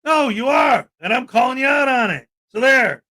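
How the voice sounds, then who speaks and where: A man with a strikingly high-pitched voice rants through his livestream. His tone is bright and cutting, sarcastic and indignant as he shoots back at comments from chat. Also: lively intonation, normal speed. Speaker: livestream host.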